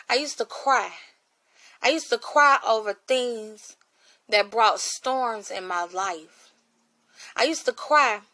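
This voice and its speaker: A woman's voice: on the high side, pushed and bright. A woman giving an emotional spoken testimony like a sermon, repeating phrases and restarting with stammers. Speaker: ministry speaker.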